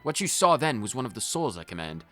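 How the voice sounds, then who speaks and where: A man's voice: mid-range voice, big pitch swings, fast, sharp tone, soft background music. A man reading the lines of a stern, proud woman paladin in a video game, formal and commanding.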